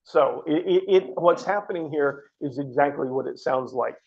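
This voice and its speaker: Bible class teacher guy, gravelly husky voice, keeps restarting, dull lo-fi mic. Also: on the high side, moderate pace. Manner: earnest, explanatory, frequent restarts. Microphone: microphone.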